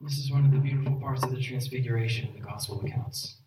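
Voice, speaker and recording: A man's voice: mid-range voice, steady tone, quick pace, far from the mic, noisy background. Earnest preaching man in an echoey room. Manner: earnest, emphatic preaching with repeated "right?". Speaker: pastor. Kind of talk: sermon.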